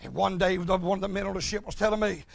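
A man's voice: high-pitched, fairly even intonation, fast talker, creaky. A man preaching a folksy sermon, telling stories and calling for responses. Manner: folksy, storytelling, calls for responses.

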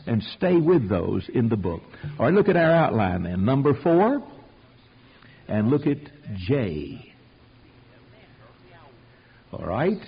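A man's voice: mid-range voice, very animated, moderate pace, hardly any pauses, breathy edge, muffled recording. A man teaching a Bible study sermon in a folksy, emphatic way, acting out quotes, heard on an old tape recording. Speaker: preacher teaching a Bible class.

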